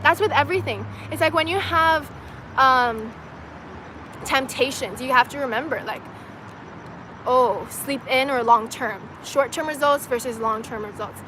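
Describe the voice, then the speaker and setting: A young Chinese woman hosts a casual outdoor livestream, answering viewer comments in loose chat peppered with "like" and "you know" and frequent laughter. Her voice sits high and unhurried, with background noise behind her.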